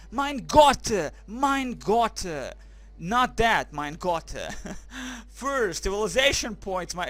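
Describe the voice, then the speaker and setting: High, lively, bright man commentating a game. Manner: crude, joking, excitable; cries out German phrases. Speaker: gaming commentator. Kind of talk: let's play commentary.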